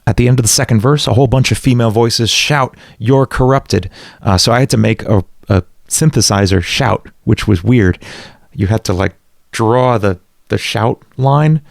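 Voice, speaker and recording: A man talks viewers through his production breakdown in a relaxed, self-deprecating tone. His voice has a gravelly, fry-edged texture. The recording is dry and close, with no room sound. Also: mid-range voice, normal speed, dry recording. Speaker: music producer and channel host.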